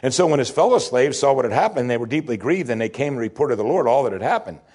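A man preaching a sermon as a pastor. He swings between soaring, forceful emphasis and soft, low asides. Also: expressive, quick pace, breathy edge.

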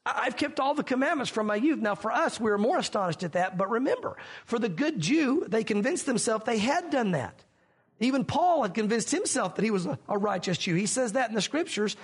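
Man, pastor, sermon, husky voice, earnest, asks questions. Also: high-pitched, expressive, fairly quick.

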